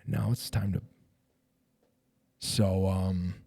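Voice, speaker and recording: Deep, slow, and marked by vocal fry and a breathy edge, this middle-aged man's voice comes through with no room sound. He's a retired cop telling his own story on a casual podcast, cursing freely and acting out quoted dialogue with animation.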